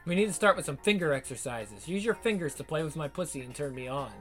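A man's voice: on the high side, animated, quick pace, fairly bright tone, faint music behind. A teasing older woman tutor, as a male reader puts her on. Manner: teasing, sultry. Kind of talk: adult audiobook narration.

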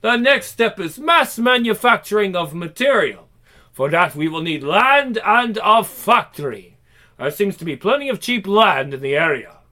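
A man's voice: high-pitched, lively intonation, moderate pace, pushed and bright. A man doing a formal German-accented inventor. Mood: businesslike. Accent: put-on German. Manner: formal, businesslike.

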